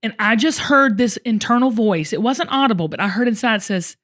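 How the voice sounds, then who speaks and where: Expressive woman host telling a story. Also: a little high, fairly quick. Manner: emotional and expressive, often addressing listeners directly. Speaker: show host. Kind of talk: personal storytelling in casual conversation.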